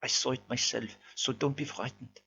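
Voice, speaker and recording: A man playing a slender young stranger with a vague foreign accent, soft and mysterious, in a dull lo-fi home recording. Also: medium pitch, fairly even intonation, moderate pace, vocal fry, a little hiss or hum. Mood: quiet.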